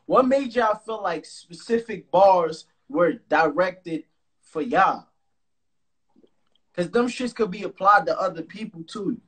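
A man's voice: sits high, animated, takes it slowly, slightly rough. A man hosting a live stream, answering with short agreements and asking probing questions. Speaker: livestream host. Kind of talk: casual live chat.

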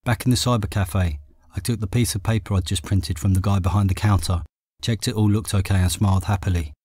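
Low-voiced English man narrating an audiobook. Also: breathy edge, no room sound, clean studio sound. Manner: steady, measured reading. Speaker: author reading his own memoir.

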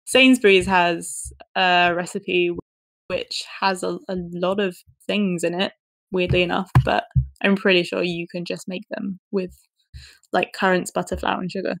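Chatty and giggly, a young woman co-hosting a podcast laughs often during casual conversation. Her voice is fairly low, gravelly, and a little slow with little pitch movement, recorded clean in a studio with no echo.

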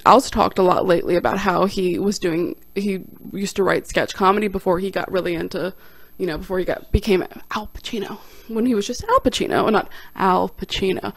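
A young woman tells a funny personal story on her vlog, slipping into quick quoted voices as she goes. Her voice has a gravelly edge of vocal fry, and the recording is close and dry with no room sound. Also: mid-range voice, no echo. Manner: animated, self-deprecating storytelling with quoted voices. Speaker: vlogger and stand-up comic. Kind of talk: casual storytime.

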